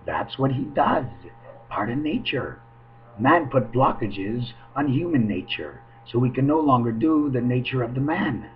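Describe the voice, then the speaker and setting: Man, middle-pitched, rambling webcam monologue at home, free-associating wordplay, muffled lo-fi sound. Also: animated, unhurried, slight background noise. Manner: free-associating wordplay, sing-song asides. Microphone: webcam microphone. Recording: dull lo-fi webcam audio.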